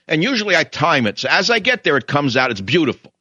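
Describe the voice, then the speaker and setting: Bright, animated older man ranting. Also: a little high, fast, dry recording, lo-fi sound. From New York. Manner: indignant, mocking, storytelling with mimicked voices. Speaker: radio talk show host. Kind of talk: ranting monologue.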